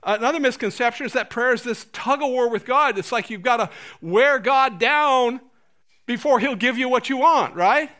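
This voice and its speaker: Male pastor, high bright voice, lively sermon delivery with humor and mock voices. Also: moderate pace. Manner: animated, laughing, acting out prayers in funny voices.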